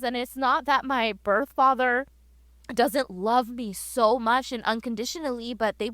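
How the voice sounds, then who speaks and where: A woman's voice: a little high, unhurried, fairly bright tone, no room sound. A woman co-hosting a podcast in casual chat, gushing and rambling with many restarts and fillers. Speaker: podcast co-host.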